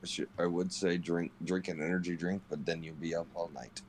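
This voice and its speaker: A man with a low, deep voice chats casually while streaming a game. He rambles from one joke to the next and swears freely, with a faint hiss behind him. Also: level tone, a little fast. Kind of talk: casual chat while gaming.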